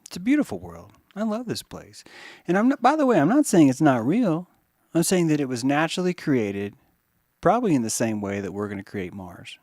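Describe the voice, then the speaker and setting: A man hosting a podcast, rambling in a monologue that swings from hushed musing to mocking put-on voices, with some swearing. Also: on the high side, big pitch swings, a little fast, no echo, studio quality. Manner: profane. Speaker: podcast host.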